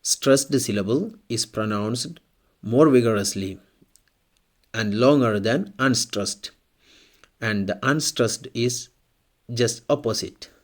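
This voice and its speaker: A male teacher talks through a pronunciation lesson at an unhurried, measured pace. His pitch sits in an ordinary middle range, and he says each example word twice so it sinks in. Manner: slow, deliberate, repeats example words. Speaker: language teacher. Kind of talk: scripted language lesson.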